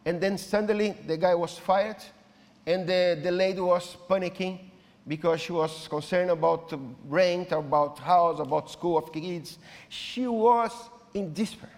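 A man preaches as a pastor in a fairly high voice, his full of restarts. He swings between loud, pressing lines and hushed ones. The sound carries a long reverb, as in a large hall. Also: measured pace. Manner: non-native English with repeated restarts, swinging between loud and soft. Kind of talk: sermon.

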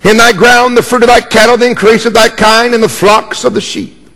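A man's voice: very high voice, fairly even intonation, a little fast, vocal fry, fairly bright tone, big-room sound. A man preaching a sermon as pastor, emphatic and jokey, repeating key words and calling for responses.

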